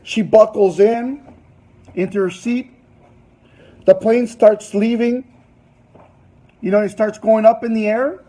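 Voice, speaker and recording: A man's voice: high voice, steady tone, slow, long pauses, warm tone, rough recording. A man presenting to a business audience, telling a long anecdote in a loose, chatty way full of fillers and asides.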